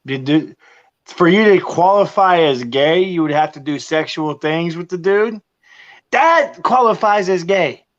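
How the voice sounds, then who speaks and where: A man's voice: a little high, moderate pace. A man in casual chat, joking and teasing his co-host. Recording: dull lo-fi sound.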